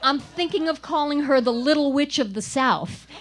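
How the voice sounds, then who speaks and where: A woman voicing a brisk male summer camp director in a live story. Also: sits high, noisy background, lightly acted. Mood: settling.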